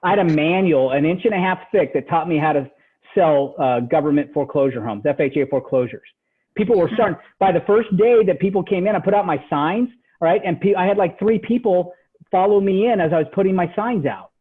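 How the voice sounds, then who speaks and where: A man giving a motivational real estate training talk over a call, animated and tacking "right?" onto his points. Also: high-pitched, brisk, slightly rough. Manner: animated, repeats "right?" after each point. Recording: tinny phone-line audio.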